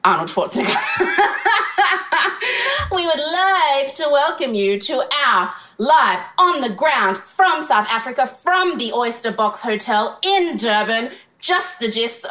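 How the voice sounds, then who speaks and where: A woman's voice: on the high side, pushed and bright. A woman co-hosting a podcast in casual comedic chat from a hotel suite, bubbly and rambling. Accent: Australian. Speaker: podcast co-host.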